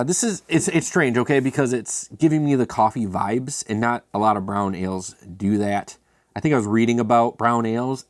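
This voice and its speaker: A man's voice: fairly low pitch, dry recording. A man hosting a casual beer review, chatty and self-mocking with rambling asides.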